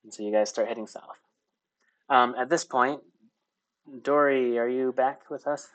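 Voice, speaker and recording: A man's voice: mid-range voice, unhurried, fairly bright tone. A young man narrating as game master in casual, laugh-filled speech with many fillers.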